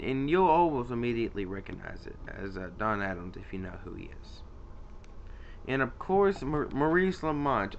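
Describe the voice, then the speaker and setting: A man's voice: medium pitch, bright, forceful tone, highs cut off, slight background noise. A man casually rambling about his favorite voice actors in an unscripted vlog, with lots of fillers and restarts. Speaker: YouTuber ranking voice actors.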